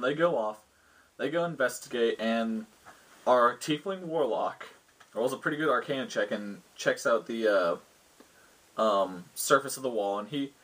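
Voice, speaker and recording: A man's voice: medium pitch, fairly bright tone, breathy edge. A man, a game master, recounting a tabletop session in loose, rambling storytelling.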